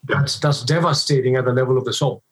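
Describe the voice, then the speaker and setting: A man's voice: medium pitch, steady tone, fast talker, poor audio. Thoughtful married man discussing a film. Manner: thoughtful, builds points with "right?" checks. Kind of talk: casual faith-based film discussion.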